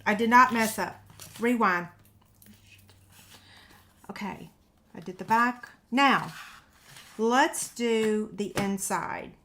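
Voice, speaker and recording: A chatty woman walks viewers through a paper-craft project at an easy, slow pace. She laughs off her own slip-ups and talks straight to her audience. A runny nose gives her voice a slightly stuffy edge. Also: medium pitch, fairly bright tone, a little hiss or hum. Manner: chatty and self-deprecating, talks to viewers while working. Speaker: paper-craft video host. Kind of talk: casual crafting tutorial chat.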